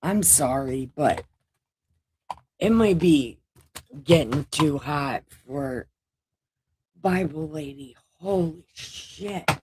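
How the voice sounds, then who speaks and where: A woman's voice: sits low, lively intonation, takes it slowly, long pauses, background noise. A middle-aged woman hosting a casual livestream chat, mouthy and swearing freely. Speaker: livestream host.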